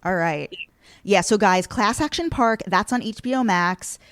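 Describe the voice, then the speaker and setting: A woman's voice: mid-range voice, a little slow, fairly bright tone, no echo. A woman hosting a podcast in casual chat, talking with lots of "like" fillers. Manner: chatty, frequent "like" fillers. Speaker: podcast host.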